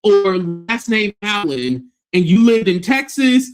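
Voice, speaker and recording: A male commentary host tells an online story in a relaxed, chatty way, laughing and slipping into the voices of the people he quotes. His voice sits high for a man and swings widely in pitch. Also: takes it slowly. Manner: animated, acts out quoted voices, laughs often.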